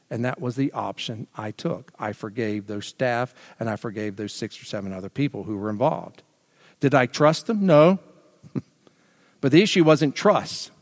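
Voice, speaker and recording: A man preaching a sermon as pastor, asking rhetorical questions and building to emphatic peaks. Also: on the high side. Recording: long reverb of a large hall.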